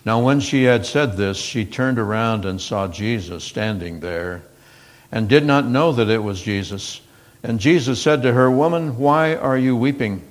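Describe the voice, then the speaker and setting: A man's voice: on the low side, a little slow. A man preaching a sermon, retelling scripture stories earnestly, with frequent fillers and restarts.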